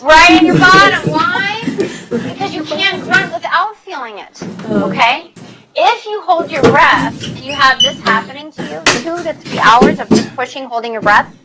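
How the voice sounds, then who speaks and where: A woman nursing instructor giving a classroom lecture, energetic and coaxing as she leads the group through exercises. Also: high voice, normal speed, rough recording. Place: lecture hall. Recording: loud background noise.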